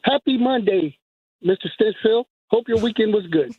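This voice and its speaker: A man who is a military veteran calls in to a radio talk show and answers the host in a dry, defensive, measured way. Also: sits high, expressive, slightly rough, no echo. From United States. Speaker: caller. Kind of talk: call-in radio chat. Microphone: telephone. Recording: tinny phone line.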